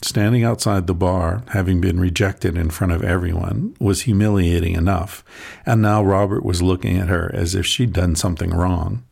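A man reading a short story aloud in a soft, measured narrating voice, with a husky, gravelly tone. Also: low-pitched, steady tone.

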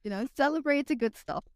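A young woman with a Flemish accent talks in an easy, chatty way and leans on "like" as she goes. Her voice sits a little high. The sound is dry and close. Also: animated, moderate pace, no echo. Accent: Flemish Belgian. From Belgium. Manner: chatty, says "like" a lot. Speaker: guest. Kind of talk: casual podcast chat.

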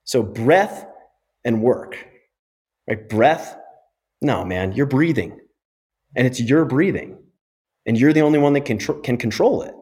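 A man's voice: mid-range voice, expressive, unhurried, long pauses, darkish tone. Middle-aged male physio guest, emphatic explainer, interview podcast.

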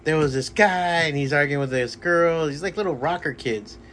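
A man's voice: on the high side, moderate pace, a little hiss or hum. A man hosting a casual podcast from a comic shop, telling rowdy stories full of swearing and acted-out voices, then wrapping up with plugs. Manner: animated storyteller, swearing freely and acting out voices. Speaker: podcast host. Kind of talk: casual chat.

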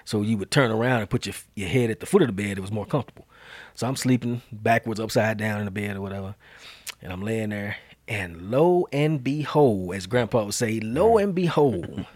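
A man hosting a podcast, telling a story in a lively, slang-heavy way and acting out the quotes. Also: on the low side, fast talker, no room sound. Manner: animated, slangy storyteller who acts out quotes. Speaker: podcast host. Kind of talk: casual storytelling chat.

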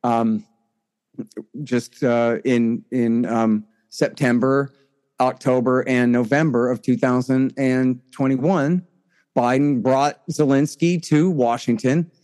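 A man giving conversational political commentary as an interview guest, emphatic and restarting often, his pitch climbing sharply when he gets indignant. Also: steady tone, slow pace, darkish tone.

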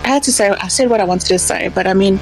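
A woman's voice: medium pitch, fast, soft background music. A woman calling in to a radio show, speaking in an earnest, emotional way. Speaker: caller. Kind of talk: heartfelt call-in tribute.

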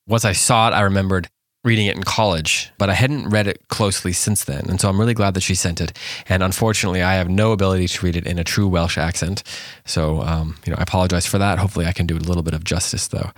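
A man with a low voice hosts a poetry podcast. He reads a poem slowly and then reflects on it in an easy, searching way, with the odd restart. The sound is dry and close, with no room around it. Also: fairly even intonation, no echo. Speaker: podcast host. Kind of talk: poetry reading and casual commentary.

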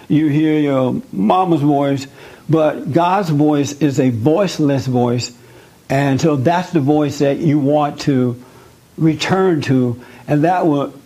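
An earnest male teacher preaching to a small group, coaxing them along with questions and repeated words. His voice sits a little high for a man. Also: warm tone, low-quality recording. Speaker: spiritual teacher leading a group. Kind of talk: interactive sermon with audience questions.

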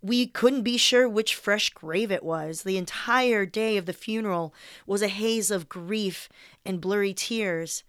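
A young woman reads her own personal essay aloud, candid and wry, now and then swearing. Her voice sits at a middle pitch. The recording is dry and close, with no room sound. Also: measured pace, fairly bright tone, smooth, dry recording.

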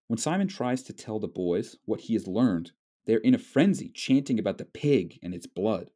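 Male lecturer, lowish voice, measured explanatory delivery with ums and uhs. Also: big pitch swings, mellow, husky. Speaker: literature lecturer. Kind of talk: recorded lecture.

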